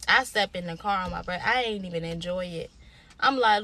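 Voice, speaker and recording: A young adult woman speaks to camera as a motivational speaker, her lowish voice fairly quick, pushed and bright. Informal and colloquial, she gives an inspirational talk, emphatically repeating her lines like a preacher exhorting a crowd.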